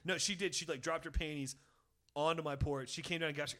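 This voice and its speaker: A man with a fairly high, bright, forceful voice rattles off stories at a quick clip as the podcast host. He talks loosely and profanely and laughs through his own anecdotes in a casual banter style. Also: steady tone.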